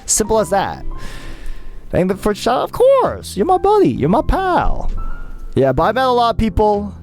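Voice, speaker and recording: A young adult live streamer in casual conversation with chat, voice swinging animatedly up and down. The talk is excitable and chatty, full of quick restarts. Faint music plays in the background. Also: mid-range voice.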